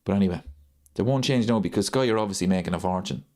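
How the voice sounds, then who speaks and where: A man's voice: low-pitched, quick pace, mellow. Man ranting, repeating every point. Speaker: host of a football watchalong channel. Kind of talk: live stream chat.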